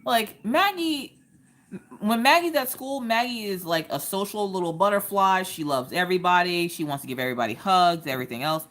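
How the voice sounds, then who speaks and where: A woman, hosting a casual craft livestream chat and telling stories in an animated way. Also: fairly low pitch, fast, few pauses. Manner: animated storytelling, acts out quoted voices.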